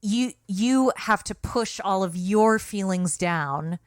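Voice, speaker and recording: A woman's voice: medium pitch, lively intonation, takes it slowly, no echo, clean studio sound. A woman co-hosting a podcast in casual, earnest discussion, speaking emphatically with frequent restarts. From Britain. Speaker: podcast co-host.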